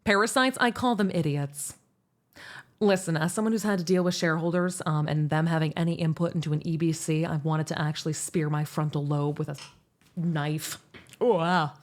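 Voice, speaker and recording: A young American woman hosting a livestream, chatting casually and answering chat in a rambling, animated way with laughs. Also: low voice, normal speed. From United States. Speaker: VTuber streamer.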